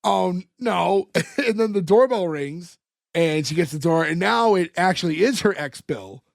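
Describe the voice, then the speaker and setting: A man's voice: fairly high pitch, lively intonation, normal speed, vocal fry, dry recording, clean studio sound. A man co-hosting a podcast in casual chat, retelling scenes by acting out the characters' lines and laughing often. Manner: laughs often while talking. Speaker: podcast co-host.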